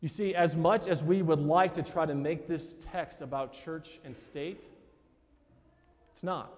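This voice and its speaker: A man with a high voice preaches a sermon to his congregation, with a loose, conversational delivery. His voice rings out with a long reverb through the church sanctuary. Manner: conversational preaching, addresses listeners as "guys". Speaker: pastor.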